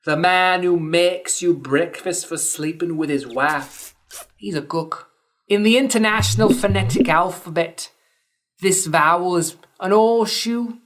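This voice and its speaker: A woman's voice: fairly low pitch, unhurried. A woman podcast host giving a scripted explainer lesson, with dry, wry asides between points.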